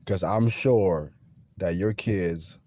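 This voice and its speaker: A man's voice: deep voice, darkish tone, lo-fi sound. A man hosting a podcast in a casual monologue, keeps checking in with the listener. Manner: slow, checks in with the listener often. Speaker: podcast host.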